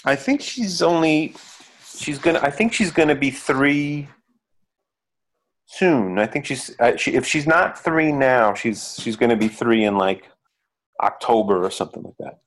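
A middle-aged man, a musician and producer, talking as a guest in a casual interview, halting with many fillers. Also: mid-range voice, expressive.

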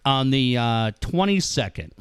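A man's voice: mid-range voice, unhurried, smooth, no echo, studio quality. A middle-aged man co-hosting sports radio, telling stories with acted-out quotes and frequent swearing. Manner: animated storyteller, swears freely, acts out quotes. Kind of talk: casual sports radio chat.

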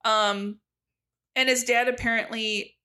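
Bright-voiced woman recapping an episode. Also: on the high side, fairly even intonation, slow pace. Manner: upbeat, laughs often, acts out characters' lines. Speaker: podcast co-host. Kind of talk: casual recap chat.

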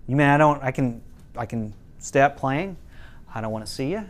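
A man's voice: lively intonation, normal speed. A middle-aged man teaching a parenting class, telling a story with quoted lines in a casual way. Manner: casual, quotes parents and kids in lowered voices, some restarts.

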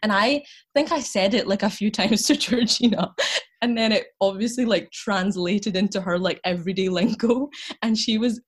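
A woman's voice: mid-range voice, normal speed, breathy edge. Chatty Scottish woman in her twenties. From Scotland. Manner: chatty, laughing often, lots of fillers. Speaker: podcast guest. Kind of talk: casual chat, storytelling.

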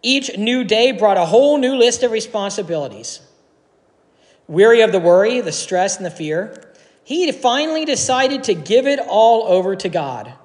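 A male pastor gives an earnest sermon in a church, quoting authors and pausing for effect. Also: high voice, expressive. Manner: earnest, quotes authors, dramatic pauses. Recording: long hall reverb.

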